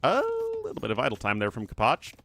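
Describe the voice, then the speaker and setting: A man's voice: on the low side, wildly swooping pitch, quick pace, vocal fry, fairly bright tone. A man casting a live strategy game tournament, chatty and joking as he answers viewer chat. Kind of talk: live esports commentary.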